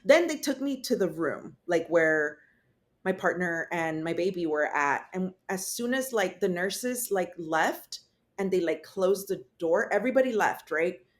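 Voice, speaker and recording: A woman's voice: on the low side, lively intonation, measured pace. A woman who is a podcast guest, telling a personal story in a raw, profane, rambling way.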